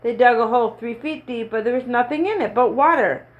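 A woman with a fairly high voice reads a children's story aloud at an even storytelling pace. She lifts her voice slightly for the children's lines but stays herself throughout. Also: a little fast, narrow, tinny audio. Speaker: storybook reader.

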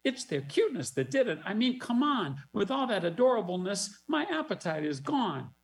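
A man doing a squeaky, lovestruck wolf. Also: big pitch swings, normal speed, vocal fry, heavily acted. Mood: smitten. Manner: squeaky sing-song rhyming delivery. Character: lovestruck male wolf who has lost his appetite.

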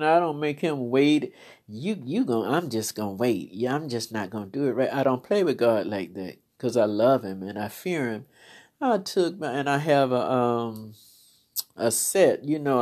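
A woman's voice: sits low, darkish tone. A woman minister telling stories from church life in a fervent, storytelling testimony, exclaiming praise now and then.

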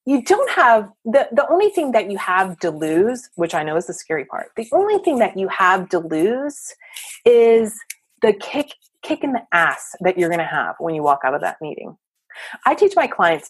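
Husky, emphatic woman coach. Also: fairly low pitch, no echo. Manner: energetic, emphatic, motivational. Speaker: coach and therapist guest. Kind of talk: podcast interview.

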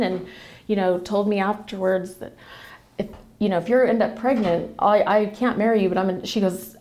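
A woman's voice: medium pitch, fairly even intonation, normal speed, dark tone. A woman telling a personal family story in a casual, emotional, rambling way with many restarts. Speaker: guest sharing a family story.

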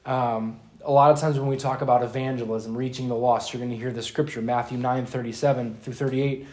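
A man's voice: mid-range voice, steady tone, a little fast, a little mellow. A man preaching a sermon, retelling a scripture parable in casual, modern slang. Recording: echoey room.

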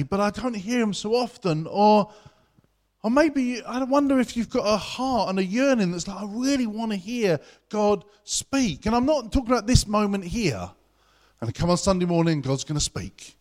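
A young man preaching a sermon as pastor in a church, chatty and conversational. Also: high-pitched. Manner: chatty and conversational, talks fast.

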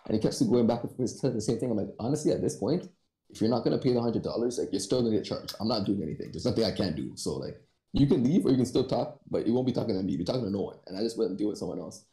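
Casual male storyteller, low gravelly voice, mellow tone, calm and unbothered, echoey room. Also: rapid-fire. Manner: laid-back, unbothered, slangy storytelling. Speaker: podcast co-host telling work stories. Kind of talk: casual chat.

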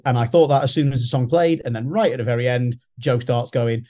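Man, British, music podcast co-host, casual chat, mellow, rambling. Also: medium pitch, normal speed, few pauses. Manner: rambling, restarts, sings snippets.

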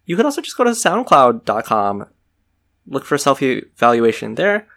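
A man's voice: medium pitch, big pitch swings, normal speed, creaky, fairly bright tone. A young man co-hosting a podcast in casual chat, rambling and cutting himself off with playful asides. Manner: rambling, self-interrupting, playful. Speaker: podcast co-host.

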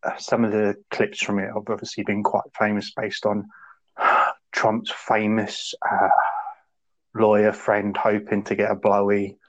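A man co-hosting a podcast, rambling casually and acting out quotes in sudden high voices. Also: monotone, measured pace, a bit bright, muffled recording. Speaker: podcast co-host. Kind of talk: casual chat.

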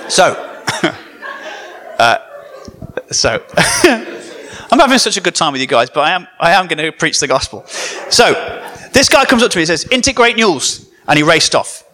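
Man, comedian preaching, high voice, animated, joking with audience. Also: moderate pace, long pauses. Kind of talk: comedic sermon to a live audience.

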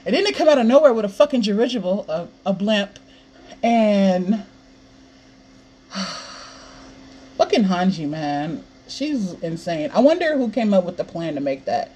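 A woman's voice: medium pitch, very animated, measured pace, long pauses, mellow, a little hiss or hum. A young woman hosting a solo podcast, hyped up and swearing a lot, with sighs and laughs between her words. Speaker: podcast host. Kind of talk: excited solo podcast rant.

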